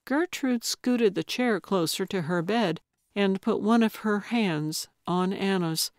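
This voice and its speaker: A woman reading a cozy mystery audiobook in calm, measured scripted narration. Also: medium pitch, no echo, clean studio sound.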